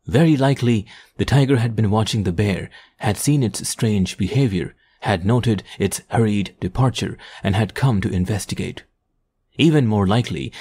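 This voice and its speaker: Low, husky male audiobook narrator. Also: a little mellow. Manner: measured, descriptive storytelling. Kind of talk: scripted narration.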